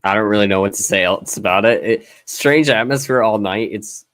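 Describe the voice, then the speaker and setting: A man with a lowish voice co-hosts a sports podcast, recorded close and dry with no room sound. He thinks aloud, halting and restarting his sentences as he talks through the game. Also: no room sound. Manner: halting, with restarts and soft laughs. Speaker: podcast co-host. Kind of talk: casual sports podcast chat.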